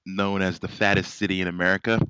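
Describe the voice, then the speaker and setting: A man from Philadelphia hosts a relaxed podcast interview in a low, easygoing voice. He ribs his guest with quick, joking asides between questions. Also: smooth, no echo, low-quality recording. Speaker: podcast host.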